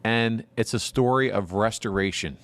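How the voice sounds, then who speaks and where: A man hosting a podcast, responding to his guest in a warm, supportive way with faith-inflected remarks. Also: fairly low pitch, moderate pace, dry recording. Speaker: podcast host. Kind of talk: interview hosting.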